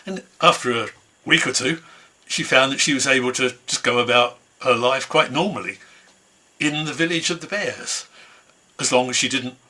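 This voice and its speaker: Brief: male storyteller, bright, husky, relaxed folk-tale telling. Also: medium pitch, normal speed. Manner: easygoing, conversational telling. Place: home, online concert.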